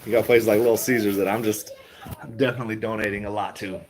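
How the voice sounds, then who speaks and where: A man's voice: fairly low pitch, fairly even intonation, fast talker, slight background noise, poor audio. A middle-aged man chatting casually to viewers, laid-back and rambling, laughing often. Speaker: stock vlogger. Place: around his retail shop and car.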